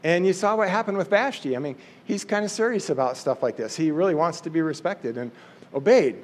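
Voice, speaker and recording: A man's voice: a little high, lively intonation, a little fast. A man casually and animatedly retelling a Bible story as a teacher.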